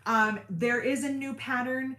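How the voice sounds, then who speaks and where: A woman's voice: high voice, steady tone, unhurried, fairly bright tone, echoey room. A woman hosting a craft channel, chatting casually with viewers and retelling conversations in a talkative storytelling way. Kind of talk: casual livestream chat.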